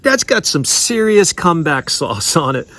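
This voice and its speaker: A man voicing a friendly, excited young waitress in a retold story, raising his voice for her lines. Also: fairly high pitch, normal speed, voice pushed up. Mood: delighted.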